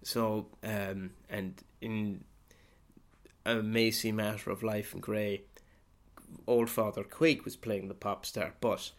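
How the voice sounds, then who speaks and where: A man, hosting a podcast and delivering a rambling comic monologue in character as a priest, swearing and breaking into sudden loud outbursts. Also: on the low side, flat delivery, slow. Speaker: podcast host.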